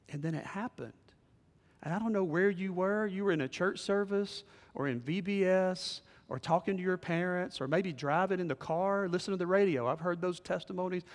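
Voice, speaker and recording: A male pastor preaching with a fairly high voice. His delivery swings from quiet, intimate moments to loud, excited outbursts. A long reverb from the church hall trails behind every line. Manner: animated, swings from hushed to shouting. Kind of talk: sermon. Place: church sanctuary.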